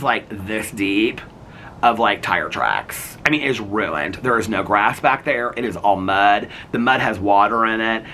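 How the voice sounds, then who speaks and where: A man vlogging outdoors in his neighborhood with a handheld camera, telling animated, gossipy stories and laughing often. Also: mid-range voice, slight background noise. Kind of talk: casual outdoor vlog chat.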